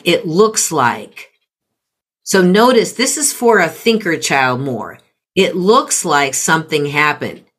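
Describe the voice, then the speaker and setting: Middle-aged woman, parenting coach, lowish voice, unhurried teaching delivery. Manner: measured, explains with example phrases. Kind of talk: conversational teaching.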